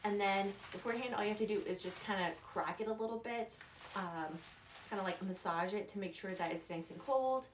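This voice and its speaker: A woman's voice: medium pitch, brisk. A young woman talking through advice in a chatty, rambling way, laughing at herself as she goes. Her voice sits mid-range and carries a noticeable echo, recorded by a camera mic a little way off, with faint noise behind. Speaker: vlogger. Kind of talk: casual advice vlog. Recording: echoey room, a little distant.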